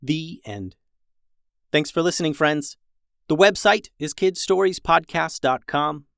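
A children's story podcast host reading a story aloud in a lively way, changing pitch for the characters. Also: measured pace, gravelly, clear, resonant tone, no room sound, studio quality.

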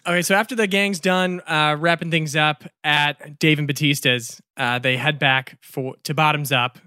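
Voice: medium pitch, fairly even intonation, normal speed, pushed and bright, clear, resonant tone, no room sound, clean studio sound. A game master narrating a comedy tabletop game in a laid-back way.

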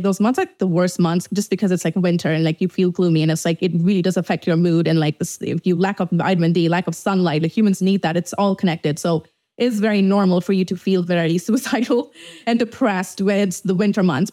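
A young woman from Dubai tumbles through her story at a rapid clip, words spilling over each other. She talks frankly and swears freely, restarting her sentences and leaning on "like" as she goes. It has the loose feel of an unscripted confessional podcast. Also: mid-range voice, dark tone. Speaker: podcast host. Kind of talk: candid confessional monologue.

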